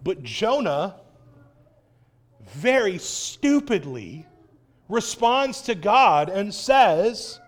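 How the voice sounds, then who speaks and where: A man preaching a sermon in an animated, wry way, acting out voices as he quotes. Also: high voice, extremely slow, pauses often.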